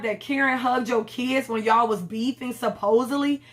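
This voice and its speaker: A woman's voice: on the high side, normal speed, few pauses. A young woman reviewing a reality TV episode in a blunt, profane, slangy casual chat. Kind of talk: casual commentary vlog.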